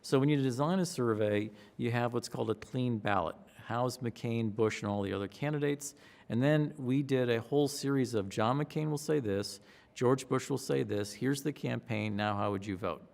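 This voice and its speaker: Animated storytelling man in a reverberant hall. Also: medium pitch, normal speed, creaky. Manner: animated, re-enacts his own excitement with gasps and raised voice. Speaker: pollster. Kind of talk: interview storytelling.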